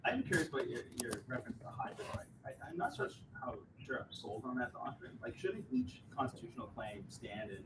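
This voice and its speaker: A man's voice: mid-range voice, sing-song, fairly quick, few pauses. Hesitant man asking from afar. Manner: hesitant, many restarts. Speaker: audience member asking a question. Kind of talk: question from the audience. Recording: distant voice, loud room noise.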